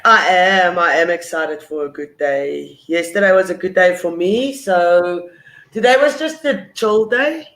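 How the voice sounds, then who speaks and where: A woman from South Africa co-hosting a morning show, soft and subdued in her replies. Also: on the low side, measured pace, echoey room. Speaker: co-host.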